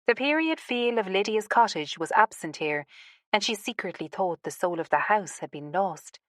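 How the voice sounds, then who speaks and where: A woman narrating a romance audiobook in a calm, even storytelling manner. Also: medium pitch, moderate pace, no echo, studio quality. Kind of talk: scripted narration.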